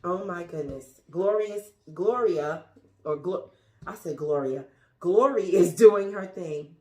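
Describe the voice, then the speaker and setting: A woman's voice: lowish voice, takes it slowly, a little mellow. A woman showing her houseplants to viewers in a chatty, gushing way, talking straight to the camera and sometimes dropping to a whisper. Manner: drops to a whisper at times. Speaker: plant vlogger. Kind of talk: casual show-and-tell to viewers. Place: indoors among houseplants. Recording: echoey room.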